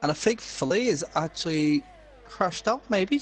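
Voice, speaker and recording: A man's voice: on the high side, lively intonation, measured pace. A man from Glasgow co-commentates a live sim-racing session in a slightly raised voice. He talks in hesitant bursts full of fillers and restarts. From Glasgow, Scotland. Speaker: race co-commentator.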